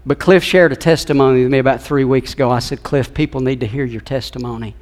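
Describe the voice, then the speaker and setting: A man's voice: mid-range voice, fairly even intonation, quick pace. A man in his fifties preaching a sermon in a church, telling a personal story in an earnest, emotional way. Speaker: pastor. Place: church sanctuary.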